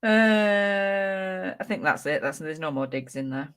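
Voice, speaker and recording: A woman's voice: on the low side, expressive, unhurried, a bit bright, smooth. A woman co-hosting a casual live chat, reading out viewer comments, playful and teasing, laughing often. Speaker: co-host of a reselling live stream.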